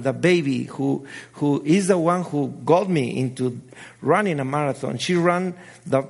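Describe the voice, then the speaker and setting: A middle-aged pastor whose first language is Spanish preaches with passion in a slightly high voice. He repeats his phrases as he builds toward exhortation.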